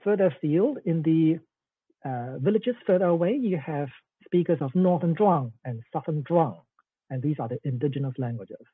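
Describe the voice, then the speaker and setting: A man's voice: on the high side, expressive, moderate pace, breathy edge, no echo. A man giving an online academic lecture, explaining with frequent "okay"s and fillers over a video call. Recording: tinny, dry phone-like call audio.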